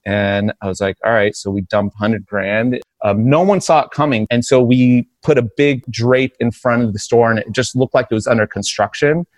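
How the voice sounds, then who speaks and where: Animated man in his forties telling a story. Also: medium pitch, moderate pace, hardly any pauses, no room sound. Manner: animated, acts out quoted voices. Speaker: streetwear brand founder, podcast guest. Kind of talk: casual storytelling. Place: podcast studio.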